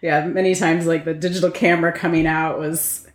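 A woman's voice: low voice, little pitch movement, a little fast. A woman co-hosting a podcast in casual chat, chatty and often laughing as she talks. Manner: chatty, laughs while talking. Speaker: podcast co-host. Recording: roomy echo.

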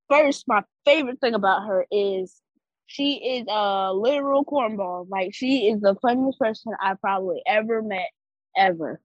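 A woman's voice: a little high, no echo, muffled recording. A teenage girl with braces co-hosting a student podcast, upbeat and earnest. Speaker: podcast co-host. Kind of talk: casual chat.

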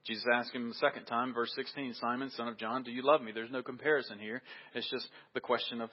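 A man's voice: mid-range voice, fairly even intonation, fast, lo-fi sound. A man preaching a sermon, emphatic and repeating key phrases for weight.

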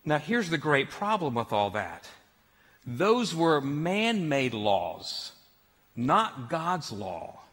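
Bright-voiced pastor preaching. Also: male voice, a little high, slow pace, husky, in a large hall. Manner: storytelling, animated with laughs. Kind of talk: sermon.

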